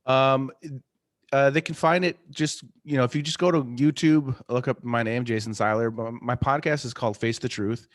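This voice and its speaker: Man, guest in a casual chat, mid pitch, lots of ums and restarts, dry close sound. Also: steady tone, moderate pace, dry recording. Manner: rambling, many fillers and restarts, laughs often. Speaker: artist and podcast host, interview guest.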